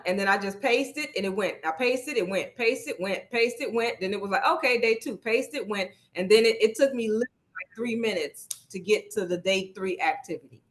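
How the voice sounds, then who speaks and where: A woman's voice: medium pitch, fairly bright tone. Woman instructor, casual and encouraging, leads an online class over a video call. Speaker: workshop instructor. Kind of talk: live online workshop teaching.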